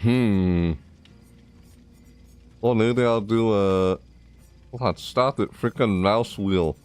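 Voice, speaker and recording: A man's voice: on the low side, slow pace, a little mellow, smooth, faint music behind. A man giving chatty, casual commentary while playing a video game, reacting aloud and talking to himself. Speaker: gaming YouTuber.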